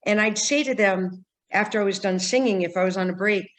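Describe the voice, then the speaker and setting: An older woman from San Diego, a psychic medium telling her life story in an interview, animated and acting out the voices she quotes. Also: medium pitch, a little fast. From San Diego, California.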